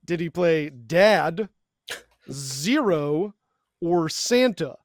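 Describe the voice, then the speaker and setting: A man co-hosting a podcast, running a trivia quiz and reading the options out slowly. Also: on the high side, lively intonation, no echo, studio quality. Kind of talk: casual podcast chat.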